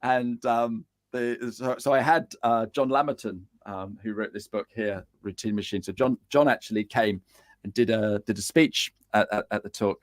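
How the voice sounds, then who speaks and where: A middle-aged man, a guest chatting casually on a podcast and telling cheeky, animated stories. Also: fairly low pitch, moderate pace, dry recording. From England. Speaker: guest, business coach.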